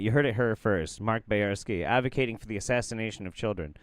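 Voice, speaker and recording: A man's voice: on the low side, quick pace, no echo. A man giving sarcastic, exasperated reaction commentary on a clip, swearing freely. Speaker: commentary streamer. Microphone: studio mic.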